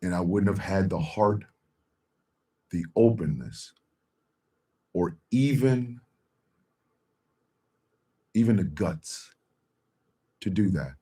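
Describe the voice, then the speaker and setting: A middle-aged man hosting a live talk stream, speaking in a heartfelt, slow way with long dramatic pauses. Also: low voice, lively intonation, far from the mic. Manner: bursts into a loud shouted sign-off. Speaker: show host.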